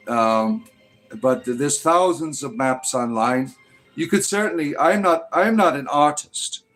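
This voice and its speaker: A man's voice: medium pitch, a bit bright. A man hosting a casual livestream, rambling through answers with lots of fillers and playful sarcasm toward the chat. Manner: rambling, full of fillers and "right?". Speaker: livestream host.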